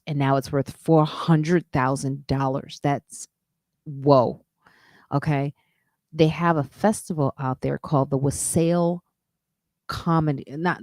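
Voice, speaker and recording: A woman's voice: deep voice, dry recording, studio quality. A woman comedian and podcast host telling stories in a casual, chatty live stream. She pokes fun at herself and often trails off and restarts.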